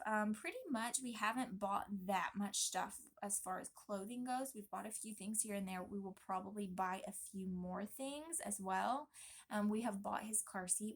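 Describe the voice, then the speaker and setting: A young woman vlogging casually, talking in an emphatic, chatty and animated way. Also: medium pitch, moderate pace, gravelly. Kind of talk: casual pregnancy vlog talk.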